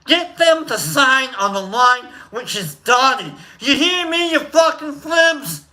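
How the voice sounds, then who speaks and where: A man playing an abrasive, hard-selling male sales boss in a slow, barking, profane tirade. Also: extremely high pitch, sharp tone, pitched above the performer's own voice, full character voice. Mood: berating.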